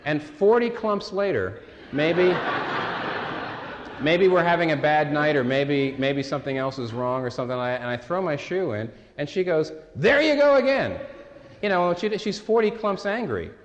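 A man's voice: on the high side, animated, normal speed, highs cut off. A man preaching a sermon in a conversational, storytelling way, often restarting his sentences. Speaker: pastor. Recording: echoey hall recording.

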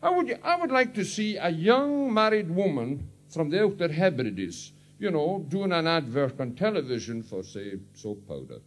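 A Scottish man doing stand-up comedy, mocking and rambling in an animated way. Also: a little high, normal speed, few pauses.

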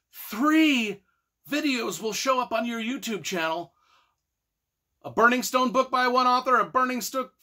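Middle-aged man, author-reviewer, exasperated and emphatic rant, high and swooping, bright edge. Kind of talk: ranting book review video.

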